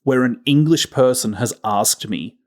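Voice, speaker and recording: A man's voice: mid-range voice, measured pace, a little mellow. An Australian man co-hosting a film podcast, making dry, sardonic jokes in casual banter. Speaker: podcast co-host. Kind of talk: casual film-review chat.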